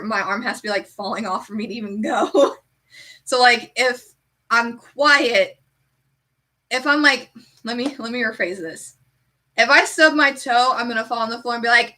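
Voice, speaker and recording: Woman streamer, casual animated chat, bright tone, slightly high voice. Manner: chatty, heavy use of "like"; animated storyteller.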